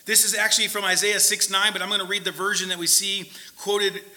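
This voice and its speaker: A man preaching a conversational sermon, often checking in with his listeners and moving between loud emphasis and quiet asides. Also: sits high, little pitch movement, brisk, low-quality recording.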